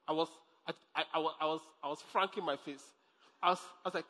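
A man preaches in a high, ringing voice, pressing his points by repeating them and laughing as he goes. His sermon carries a long hall reverb. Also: expressive, quick pace, bright, forceful tone. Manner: emphatic, repeats phrases, laughs often. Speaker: pastor.

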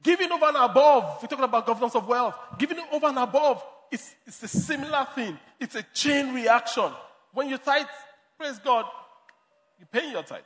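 A man's voice: very high-pitched, lively intonation, normal speed, a bit bright, in a large hall. A man preaching a sermon as pastor, emphatic, repeating and restarting phrases.

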